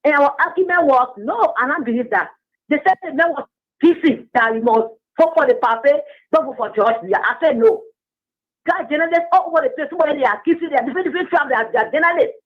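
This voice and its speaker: A woman's voice: high voice, fast talker. A woman caller, talking emphatically and repeating herself on a phone-in radio show. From Liberia. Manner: animated, repetitive, emphatic. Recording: muffled phone line.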